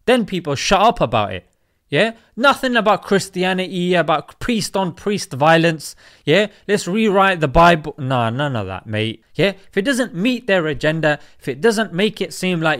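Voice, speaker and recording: A man delivering a heated commentary monologue. His voice sits high and moves a lot, rising sharply on questions. He pushes each point with emphasis and a conversational edge. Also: moderate pace. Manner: animated, emphatic, rhetorical questions. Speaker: host. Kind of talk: opinion vlog commentary.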